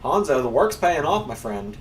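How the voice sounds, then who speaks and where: A man's voice: high voice, expressive, normal speed, gravelly, recorded from a distance. A man hosting a stream, chatting in a rambling, casual way while he plays. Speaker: streamer and channel host. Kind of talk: casual gameplay commentary. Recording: roomy, off-mic, faint background hum.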